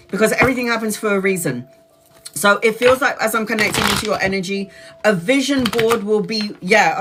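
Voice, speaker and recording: A woman's voice: mid-range voice, fairly bright tone. A woman giving a live-streamed tarot reading, chatty and blunt, swearing casually as she talks. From Brazil. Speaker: tarot reader.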